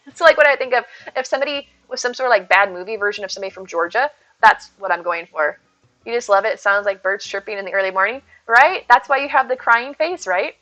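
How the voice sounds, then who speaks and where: A young woman with a slightly high, animated voice chats casually while hosting a game stream, talking quickly in a sharp tone as she reads out chat messages, answers them, and thanks viewers with giggly asides. The stream audio is dull and lo-fi with no echo, and faint game music plays underneath.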